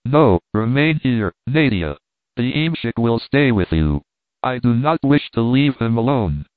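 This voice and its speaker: A man's voice: mid-range voice, sing-song, measured pace, dry recording. A man reading a firm, resolute young traveler. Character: resolute young male courier, firm and brave. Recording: tinny phone-like dry sound.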